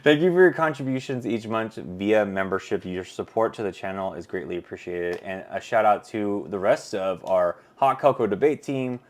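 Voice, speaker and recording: A man's voice: normal speed, few pauses. A man hosting a casual theme park chat show, playful and joking. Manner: playful, joking, lively pitch. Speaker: host.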